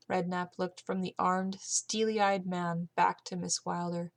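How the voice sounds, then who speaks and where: Casting: a low-voiced woman narrating a novel, amateur audiobook reader, steady pace with small slips. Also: unhurried, gravelly, hardly any pauses. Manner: steady reading with occasional slips and self-corrections.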